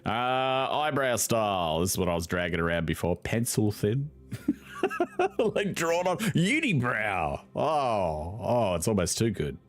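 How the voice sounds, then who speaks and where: A man's voice: lowish voice, animated, normal speed. A young man commentating on a video game in a casual, sarcastic way, swearing freely and laughing often. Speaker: gaming video host.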